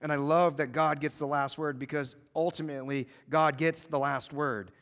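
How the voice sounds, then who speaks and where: A man preaching a sermon as pastor, swinging from hushed reflection to intense, fervent passion. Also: on the high side, flat delivery, normal speed, long reverb tail. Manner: impassioned, rising to intense fervor.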